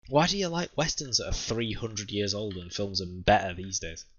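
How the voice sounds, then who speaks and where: A man's voice: lowish voice, sing-song, moderate pace, lo-fi sound. A man co-hosting a casual podcast, blunt and opinionated, arguing about films and laughing often. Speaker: podcast co-host. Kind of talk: casual argumentative chat.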